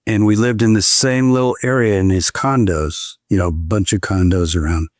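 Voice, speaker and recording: A man's voice: on the low side, moderate pace, no room sound, clean studio sound. A man in his seventies, a guest scholar telling anecdotes in a conversation, who slips into the voices of the people he quotes. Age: 70s. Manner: lively, quotes others in voiced asides. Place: indoors, in-person conversation.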